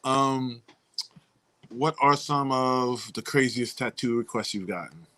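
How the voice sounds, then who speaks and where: A man hosting a casual interview podcast, asking his guest short, relaxed questions. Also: mid-range voice, slow. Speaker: podcast host.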